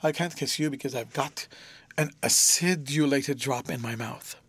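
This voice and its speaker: A man voicing a sweet, childish young schoolgirl who talks in a lilting, playful way with sudden high bursts. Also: moderate pace, fairly bright tone, slightly rough, no echo. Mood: girlish, playful.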